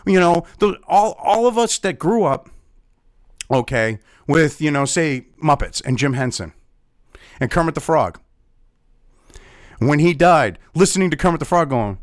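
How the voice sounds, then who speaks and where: A man's voice: high voice, expressive, moderate pace, no room sound, clean studio sound. A man ranting angrily in a profane commentary video, talking as host.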